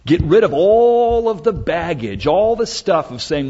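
A man's voice: high-pitched, sing-song, normal speed, few pauses, dark tone, husky. A man preaching a sermon as pastor, emphatic and repetitive as he teaches. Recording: dull lo-fi recording.

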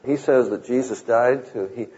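Male preacher, conversational and wry, mellow tone, lo-fi recording. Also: medium pitch, moderate pace. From Southern California. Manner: conversational, wry, quotes scripture. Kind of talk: sermon with humorous anecdotes. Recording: muffled lo-fi recording.

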